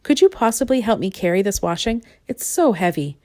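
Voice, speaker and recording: A woman's voice: medium pitch, animated, brisk, a little mellow, no room sound, clean studio sound, lightly acted. A woman doing a weary old washerwoman. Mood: imploring. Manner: polite, imploring.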